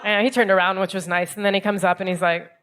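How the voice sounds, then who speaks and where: An American woman in her thirties performing stand-up comedy in a club, wry and deadpan, acting out other people's lines. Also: mid-range voice, fast, a little hiss or hum. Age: 30s.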